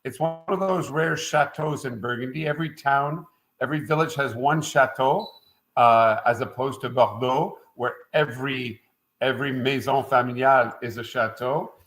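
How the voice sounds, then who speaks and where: A middle-aged winemaker from Quebec guests on a relaxed interview, rambling from one anecdote to another with frequent "uh" fillers. His pitch is ordinary, his speed normal and his tone loose and conversational, though the audio is poor.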